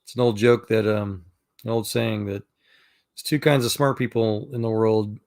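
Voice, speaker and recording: A man's voice: lowish voice, fairly even intonation, moderate pace, a little mellow. A middle-aged man from Texas telling rambling stories in a casual chat, with many fillers and restarts. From Texas, USA. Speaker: chat room participant.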